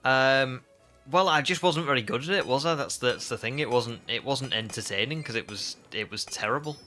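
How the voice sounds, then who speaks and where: A man's voice: mid-range voice, brisk, pushed and bright, faint music behind. A man streaming a game live, chatting casually and joking at his own expense. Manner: self-deprecating, chatty.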